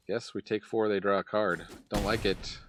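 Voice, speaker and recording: Man, lowish voice, casual card-game play-by-play, desk mic with faint noise. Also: fairly even intonation, moderate pace. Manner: chatty, muttering play-by-play with sighs and laughs. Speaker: gameplay commentator.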